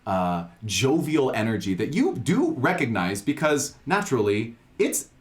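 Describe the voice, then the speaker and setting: A man running a tabletop game over a video call, chatty and animated, his pitch rising and falling a lot. He repeats words and uses fillers, and the call audio sounds echoey. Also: a little slow. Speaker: game master.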